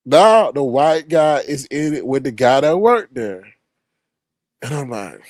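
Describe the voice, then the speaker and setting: A man casually telling a story, animated, swearing freely and acting out the other people's voices. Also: a little high, takes it slowly, long pauses, no room sound, studio quality.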